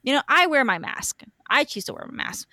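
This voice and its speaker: A woman's voice: sits high, sing-song, brisk, sharp tone, dry recording, clean studio sound. A woman hosting a podcast, chatting casually about politics in a rambling, profane way with many fillers. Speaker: podcast host.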